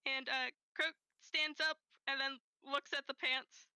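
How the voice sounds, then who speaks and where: Woman game master, high, very bright voice, gentle unhurried narration, dry close mic. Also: flat delivery, no room sound, poor audio.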